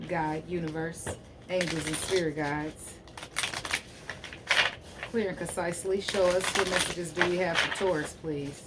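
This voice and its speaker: A woman's voice: low voice, heavy background noise. A woman giving a casual tarot reading to camera, emphatic and blunt, and she keeps checking in with "okay?". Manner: blunt, sassy straight talk. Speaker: spiritual card reader.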